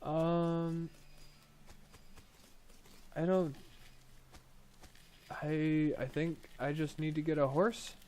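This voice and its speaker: Cast note: young gamer guy, rambling let's-play commentary, slightly higher voice. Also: level tone, very slow, pauses often, a little mellow. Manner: jokey, rambling asides. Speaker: gaming video host. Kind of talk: let's play commentary, reading game text aloud.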